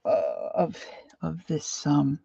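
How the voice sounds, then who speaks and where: Low, husky, and creaky, this older painting instructor's voice is warm and sing-song, and she talks slowly. She rambles and reads viewer comments aloud during a live painting stream. The recording is dry and lo-fi.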